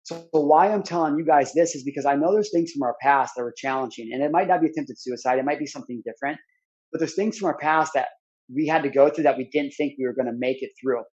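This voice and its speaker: A man's voice: on the high side, fast talker, darkish tone, breathy edge, dull audio. A man in his thirties, speaking as a podcast guest, tells a personal story in an earnest, rambling way full of "like" and restarts. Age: 30s.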